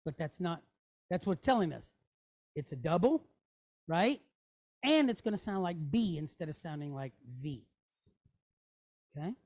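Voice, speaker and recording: A woman teaching a Hebrew class, explaining patiently, sounding out letters and syllables slowly, and checking in with her students with a frequent "okay?" and "right?". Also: fairly low pitch, very animated, darkish tone. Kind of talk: classroom lesson.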